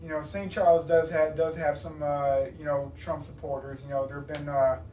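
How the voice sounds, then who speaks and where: Casting: young American man, loose rambling interview talk, slightly high voice, roomy room, set back from the mic. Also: little pitch movement, normal speed, warm tone, recorded from a distance, slight background noise. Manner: rambling, many fillers and restarts.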